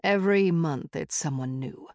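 A man's voice: fairly high pitch, normal speed, darkish tone, dry recording, clean studio sound, close to an everyday voice. A woman voicing a weary young male vampire prince who talks in short, clipped questions. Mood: dry, weary.

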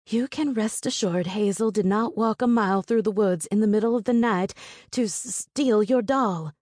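A woman voicing a gentle village schoolteacher who stutters. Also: mid-range voice, normal speed, no echo, clean studio sound, natural voice. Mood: firm.

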